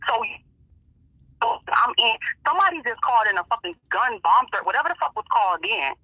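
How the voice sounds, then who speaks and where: A woman guest tells her story in a fiery, profane rush, slipping into the voices of the people she quotes. Her voice is piercingly bright with a husky grain. The sound is close and dry. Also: on the high side, sing-song, a little fast, no echo, rough recording. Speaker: interview guest. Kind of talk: casual storytelling.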